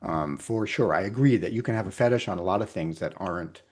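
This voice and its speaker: A man's voice: low voice, fast talker, a little mellow. A middle-aged man, a clinical psychologist, explaining ideas in a thoughtful, hedging way over a video call, often checking in with "right?". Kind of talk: conversational explanation.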